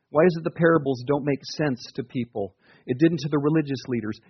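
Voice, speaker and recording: Husky-voiced man preaching conversationally. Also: medium pitch, no room sound, lo-fi sound. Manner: conversational, earnest preaching with asides. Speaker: pastor. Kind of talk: sermon.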